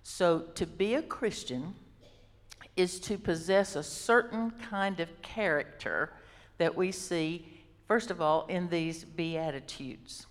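A woman delivers a sermon at an unhurried, deliberate pace, pressing each point home by repeating it. Her voice sits on the low side, and a long reverb trails her words through the hall. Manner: slow, deliberate, emphatic repetition. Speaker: Bible teacher.

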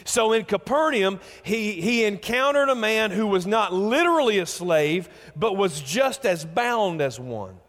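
Man, pastor, sermon, earnest, stacking repeated phrases, high-pitched, lingering hall reverb. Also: expressive, unhurried, hardly any pauses, fairly bright tone. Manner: earnest, repeats words while building emphasis.

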